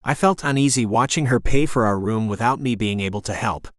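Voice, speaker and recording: A man narrating a romance audiobook in the first person, in an even storytelling manner. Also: mid-range voice, brisk, no echo, studio quality.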